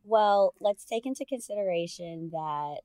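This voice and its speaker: A woman's voice: on the low side, lively intonation, a little slow, mellow, no room sound. Bubbly woman co-hosting a chat show. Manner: bubbly, laughs often, trails off mid-sentence. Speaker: podcast co-host. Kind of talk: casual chat.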